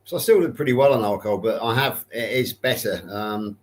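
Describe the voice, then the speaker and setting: A man's voice: on the low side, fairly quick. A man speaking as a podcast co-host in a casual, chatty and upbeat way.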